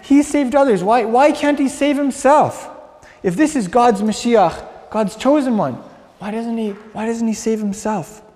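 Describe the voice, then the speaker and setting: A man's voice: very high voice, measured pace, darkish tone, pitched above the performer's own voice. A man voicing scornful religious leaders who jeer and mock. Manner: mocking, jeering. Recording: long hall reverb.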